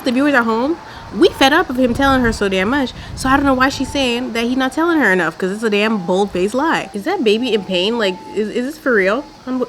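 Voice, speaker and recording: A woman's voice: medium pitch, fairly bright tone, a little hiss or hum, poor audio. A young woman doing a casual reality show recap, sassy and blunt, swearing freely while doing her makeup at home. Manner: sassy, blunt and outspoken, sprinkling in mild swearing. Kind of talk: casual commentary.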